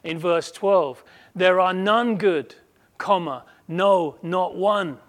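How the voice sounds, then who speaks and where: A man preaching a sermon, emphatic, swinging between loud declarations and quiet asides, acting out quoted voices. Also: high-pitched. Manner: slow, measured delivery with quoted voices acted out.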